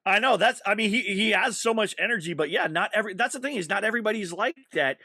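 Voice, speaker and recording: Bright, animated high-voiced man. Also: no echo, studio quality. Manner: animated, laughs often, quick asides. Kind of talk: casual podcast chat.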